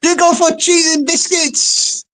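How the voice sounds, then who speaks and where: A man voicing an innocent, trusting middle-aged woman with an English accent, who talks slowly and asks questions. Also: very high voice, little pitch movement, pushed and bright, voice pushed up, full character voice. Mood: questioning.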